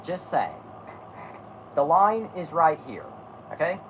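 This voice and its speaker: A woman's voice: low voice, very animated, slow pace, a little hiss or hum, low-quality recording. A woman hosting a casual podcast, talking bluntly and rambling, stopping to correct herself and swearing freely. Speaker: podcast host. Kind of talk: casual chat.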